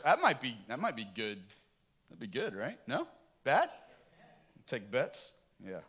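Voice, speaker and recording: A middle-aged man preaching a lively, joking sermon to his congregation in a church. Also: medium pitch, a little slow, pauses often, slightly rough. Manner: animated, joking and talking with the congregation. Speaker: pastor. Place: church sanctuary.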